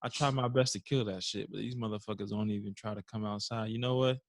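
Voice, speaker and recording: A man's voice: fairly low pitch, fairly even intonation, fast, no room sound, studio quality. A man hosting a podcast from his bedroom, chatting casually in a loose, profane, joking way. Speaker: podcast host. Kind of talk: casual chat.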